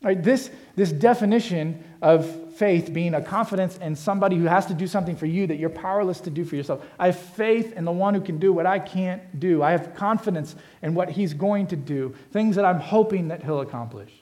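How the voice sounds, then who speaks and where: A man's voice: high-pitched, a little fast, hardly any pauses, darkish tone. A middle-aged man preaching a sermon, earnest and conversational, often restarting his phrases. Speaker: pastor.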